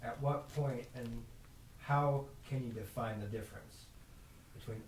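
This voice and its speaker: A man co-hosting a ministry talk show, briskly reading out listener questions. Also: medium pitch, a little mellow. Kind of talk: radio call-in moderating. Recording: roomy, distant, faint background noise.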